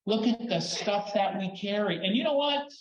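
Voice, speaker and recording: Lively older man speaking in a hall. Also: high-pitched, normal speed. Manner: expressive, repeats words when excited. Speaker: conference speaker. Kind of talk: animated storytelling talk. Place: conference hall. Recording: echoey, dull hall recording.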